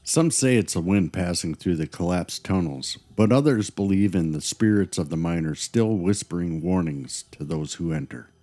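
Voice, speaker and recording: This paranormal podcast co-host has a deep, expressive voice with a dark tone, talking at a moderate pace with few pauses. In scripted chat, he spins eerie tales with dramatic, teasing flair.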